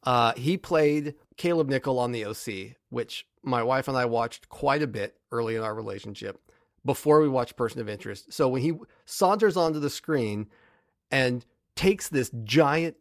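A man's voice: mid-range voice, normal speed, no echo, studio quality. A man in his thirties co-hosting a podcast, talking casually and ranting emphatically about a show. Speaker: podcast co-host. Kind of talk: casual chat.

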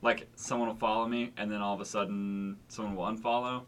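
A man's voice: lowish voice, level tone, fairly quick, a bit bright, slight background noise. A young man co-hosting a podcast in casual chat, talking hesitantly with lots of fillers. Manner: hesitant, lots of likes and ums. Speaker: podcast co-host and musician.

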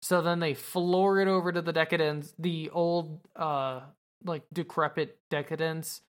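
A woman's voice: low voice, fairly even intonation, unhurried. A woman podcast host casually recapping an anime episode, rambling and swearing with lots of fillers.

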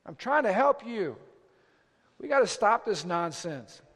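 A middle-aged pastor with a high voice preaches in a big church hall, and long reverb trails each phrase. He drops to hushed pleading, then climbs to loud, insistent exhortation. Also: sing-song, unhurried. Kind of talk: sermon.

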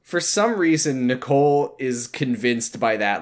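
A woman's voice: rumbling low, lively intonation, a little slow. A podcast co-host in casual chat, exasperated and swearing as she picks apart the plot of a show. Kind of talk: casual comedic recap chat.

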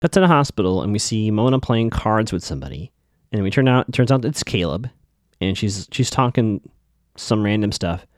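A man's voice: lowish voice, expressive, moderate pace, dry recording, studio quality. A man hosting a podcast, giving a casual, opinionated recap of a TV episode with skeptical asides. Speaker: podcast host.

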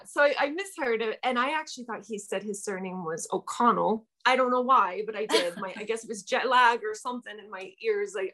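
A young woman recounts her story in a relaxed, chatty way, laughing often and doubling back on her words. Her voice sits in an ordinary middle pitch. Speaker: guest. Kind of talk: storytelling in casual chat.

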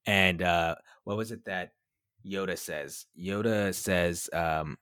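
Deep-voiced man rambling in casual chat. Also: slow, fairly bright tone, clean tone, no room sound, studio quality. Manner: rambling, restarts, swears casually. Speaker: podcast co-host. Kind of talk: casual chat recapping a TV episode.

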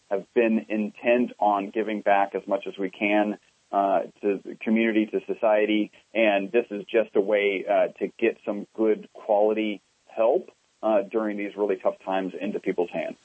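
Low-voiced man guest on a phone line. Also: flat delivery, moderate pace, no echo. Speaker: guest researcher. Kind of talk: interview talk.

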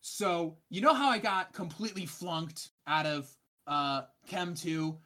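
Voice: medium pitch, unhurried, fairly bright tone, pitched above the performer's own voice, close to an everyday voice. A game master voicing a flustered young female student who rambles defensive excuses.

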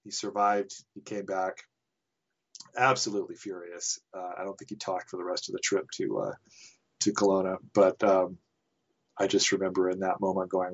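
Low-ish guy from canada telling a long rambly story w little laughs, muffled podcast sound. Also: flat delivery, moderate pace. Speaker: podcast guest. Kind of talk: casual anecdote telling. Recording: dull lo-fi podcast audio.

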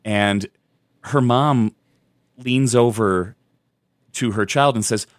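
A man's voice: mid-range voice, slow, no room sound, studio quality. A man in his thirties, a podcast co-host, telling a story in casual chat with frequent restarts. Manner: rambling storyteller with many restarts.

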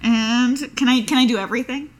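A woman playing a tabletop game, chatty and excitable, talking in loose, filler-heavy bursts. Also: fairly high pitch, brisk. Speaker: player. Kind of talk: casual tabletop play.

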